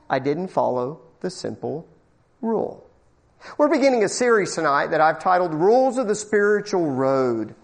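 Folksy middle-aged preacher man telling a story. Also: high-pitched. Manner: folksy storytelling with acted-out quotes and asides. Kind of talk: sermon.

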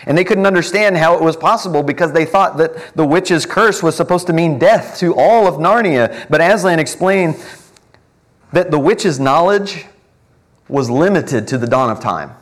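A pastor delivers a morning sermon with earnest conviction, his somewhat high, animated voice building emphasis before slowing and softening on key words.

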